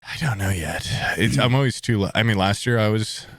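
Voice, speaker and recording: Low-voiced man with dry jokes. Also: fairly quick, no room sound. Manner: dry, joking asides and rambling musings. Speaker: podcast co-host. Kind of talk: casual podcast chat.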